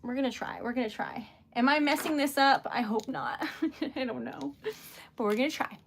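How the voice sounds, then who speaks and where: A woman's voice: sits high, moderate pace, a little hiss or hum. A young woman hosting a casual livestream, chatty and encouraging herself, sometimes dropping to a whisper while she concentrates. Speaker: livestream host making wax seal stickers.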